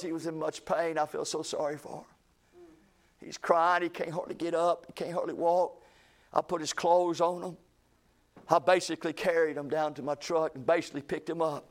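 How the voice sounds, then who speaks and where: A man's voice: on the high side, little pitch movement, normal speed. A male pastor, telling a folksy story in a sermon to his church, with emphatic rises in his voice. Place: church sanctuary.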